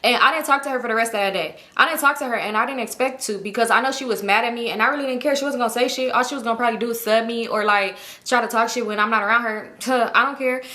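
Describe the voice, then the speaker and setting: A young woman vlogger telling a casual storytime, animated and acting out what others said. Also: fairly high pitch, fast talker, few pauses. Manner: animated, acts out other people's lines.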